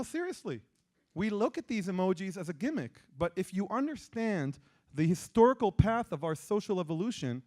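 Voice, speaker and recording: A man's voice: high voice, a little mellow. A man with an Israeli accent giving an interactive lecture and quizzing the audience with questions. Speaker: persuasion lecturer.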